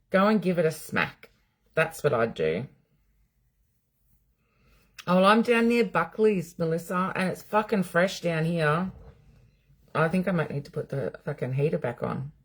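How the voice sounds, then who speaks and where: A middle-aged Australian woman, a psychic medium, hosts a live stream from home, answering viewers' comments casually and bluntly with plenty of swearing. Her voice sits low.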